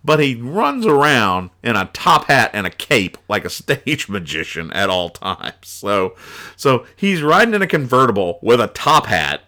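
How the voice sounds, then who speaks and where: Bright-voiced man riffing sarcastically on comics. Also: mid-range voice, wildly swooping pitch, a little slow. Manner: rambling, sarcastic, chuckling asides. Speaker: podcast host. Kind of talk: casual comedic comics review.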